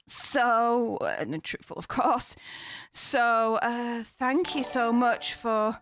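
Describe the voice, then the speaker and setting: High-voiced woman gushing to her stream. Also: fairly bright tone, no echo, studio quality. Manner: gushing, effusive thanks to viewers. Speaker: live-stream host. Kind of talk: casual live-stream chat.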